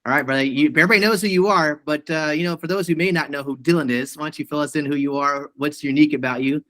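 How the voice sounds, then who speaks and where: Upbeat male host with a bright voice, heavy on praise. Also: a little high, fairly even intonation, fast talker, no room sound. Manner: upbeat, effusive praise, says awesome often. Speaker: meeting host. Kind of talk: hosting a team video meeting.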